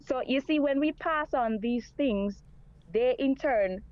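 A woman's voice: high-pitched, slow, lo-fi sound. A woman calling in to a radio talk show, speaking earnestly and repeating her points. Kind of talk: call-in radio chat.

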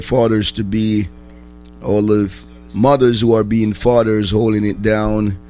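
A man with a fairly low voice hosts a morning radio show as a chaplain. He speaks with a preacher's exhorting, repetitive cadence, and his voice sounds rough, as if he has just woken up. Faint music plays behind him. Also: darkish tone.

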